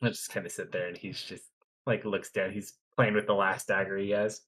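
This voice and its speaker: A man narrating as game master of a tabletop game, relaxed and chuckling as he tells the scene. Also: on the low side, brisk.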